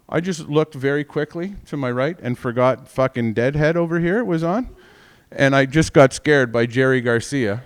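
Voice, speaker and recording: A man's voice: mid-range voice, clear, resonant tone. A man in his forties doing a stand-up comedy set, rambling and profane, constantly mocking himself. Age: 40s.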